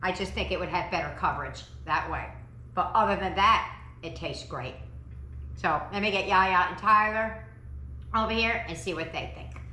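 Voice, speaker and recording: Bright, chatty woman hosting a home cooking vlog. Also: medium pitch, echoey room. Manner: upbeat, chatty, coaxing family to taste. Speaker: cooking channel host. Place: home dining table.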